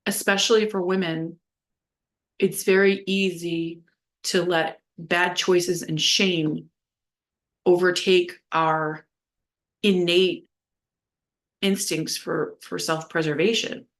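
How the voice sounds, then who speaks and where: A woman from New Orleans with a slightly low voice tells her own story straight to the camera. She rambles and leans on "like" constantly, and she swears bluntly when something matters to her. It sounds like unscripted vlog talk. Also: fairly even intonation, slow pace, long pauses. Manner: rambling, heavy use of "like", blunt and profane. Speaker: vlogger. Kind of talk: candid personal storytelling.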